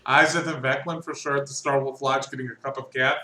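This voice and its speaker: A man running a tabletop game as game master, rambling and quick, with lots of fillers. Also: mid-range voice, level tone, bright, forceful tone. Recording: echoey room, faint background noise.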